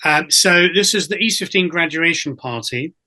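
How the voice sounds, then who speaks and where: A man's voice sits a little high and sounds bright and forceful. He is a chatty storyteller in a relaxed interview, looping back through fillers and false starts as he goes. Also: moderate pace. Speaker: guest, actor and voiceover artist. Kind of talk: casual interview anecdotes.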